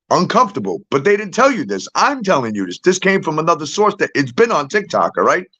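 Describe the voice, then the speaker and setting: A man's voice: on the high side, fairly bright tone, muffled recording. A middle-aged man talking casually to his followers, emphatic and insistent, often checking in with the listener and getting up to act things out. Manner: emphatic, repeats "okay?" and "all right?" to the viewer; moves around, gets up to act things out. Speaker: social media commentator.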